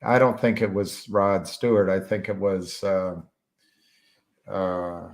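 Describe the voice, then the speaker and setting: A man with a lowish voice talks in a loose, rambling way, as if reading and answering comments on a live stream. He speaks slowly, often stalling mid-sentence and hunting for a word with ums and uhs. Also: flat delivery. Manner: halting, searches for words with many fillers. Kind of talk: casual rambling chat.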